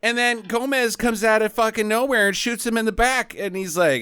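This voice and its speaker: A man's voice: high voice, a little fast, few pauses, bright, forceful tone, clear, resonant tone, no echo, clean studio sound. A man co-hosting a podcast, casually retelling movie scenes with jokes, mock voices and frequent laughter. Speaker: podcast co-host. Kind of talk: casual comedic movie review chat.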